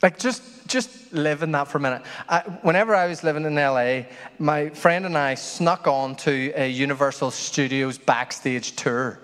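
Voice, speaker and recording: A man preaching a sermon as pastor, telling stories in an animated way that swings from loud to hushed. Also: a little high, normal speed, hardly any pauses, smooth. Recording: long hall reverb.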